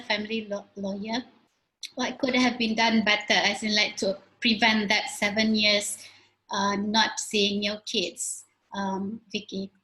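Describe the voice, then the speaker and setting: A woman hosting a talk, asking the guest a question in a soft, hesitant way. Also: a little high, low-quality recording. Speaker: host.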